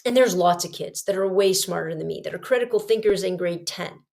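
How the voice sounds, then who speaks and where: A woman hosting a podcast, telling a personal story in an emphatic, lively way, swinging between punchy loud lines and hushed asides. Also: fairly low pitch, a little fast, vocal fry. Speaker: podcast host.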